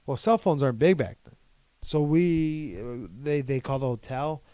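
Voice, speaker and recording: In a casual podcast chat, a young co-host from Ohio wanders through a lengthy personal anecdote, repeating what others told him. He speaks at normal speed in a mellow, mid-range voice with a clean tone and no echo.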